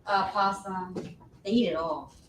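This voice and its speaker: A woman's voice: medium pitch, steady tone, a little slow, background noise. A woman student politely speaking up in class and addressing the teacher as sir. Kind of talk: classroom comment. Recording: echoey room, distant from the mic.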